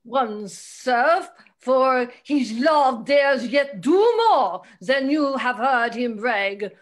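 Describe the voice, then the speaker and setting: A woman's voice: fairly high pitch, very slow. A woman reading a loyal, defiant male sea captain in a Zoom play reading, firm and challenging. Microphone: video call.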